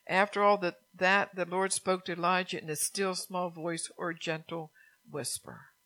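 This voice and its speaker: Bright-voiced woman preaching earnestly. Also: lowish voice, flat delivery, normal speed, poor audio. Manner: earnest, repetitive, laughs often. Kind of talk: sermon.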